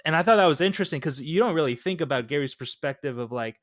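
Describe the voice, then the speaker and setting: A man's voice: fairly high pitch, animated, fast, dry recording, studio quality. A man co-hosting a podcast, chatting casually about a film and animatedly retelling scenes, acting out the lines. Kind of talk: casual film discussion chat.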